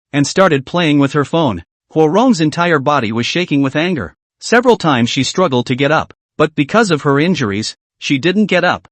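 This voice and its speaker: Male recap narrator, bright lively delivery, dry booth sound. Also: on the high side, no room sound.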